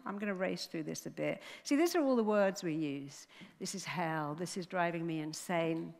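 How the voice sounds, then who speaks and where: A woman giving a motivational talk on stage, an animated storyteller who acts out the voices in her stories. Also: mid-range voice. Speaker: motivational speaker. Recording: long hall reverb.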